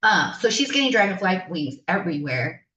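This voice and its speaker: A fairly low-pitched woman talks like a spiritual coach, rambling through stories in a chatty, enthusiastic way. She sounds a little distant from the mic in an echoey room, and the audio is somewhat dull. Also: very animated, brisk, bright, forceful tone. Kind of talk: casual podcast storytelling.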